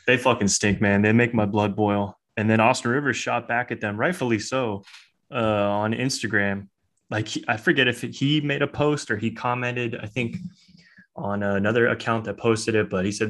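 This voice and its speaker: A man's voice: fairly low pitch, normal speed, a bit bright. A man co-hosting a casual sports podcast, blunt and slangy, backing up his partner. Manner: blunt, slangy, laughs along. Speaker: podcast co-host.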